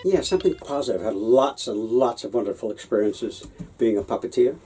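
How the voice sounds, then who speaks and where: A puppeteer telling stories about his work in a relaxed, hesitant way, with many fillers and restarts. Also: medium pitch, fairly quick, soft background music, poor audio. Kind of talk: anecdotal storytelling.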